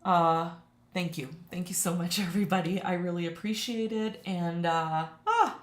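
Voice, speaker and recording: A woman teaching watercolor on a live stream, talking casually and warmly to her viewers. Her voice sits a little low, and she laughs easily and gets emotional. The sound is roomy and echoey. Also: steady tone, normal speed. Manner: chatty, emotional, laughs often. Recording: echoey room.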